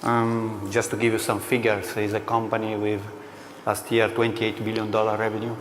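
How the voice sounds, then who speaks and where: A man speaking as a company executive guest in a panel interview, answering in a measured way with frequent pauses and fillers. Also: lowish voice, completely flat delivery, big-room sound, noisy background.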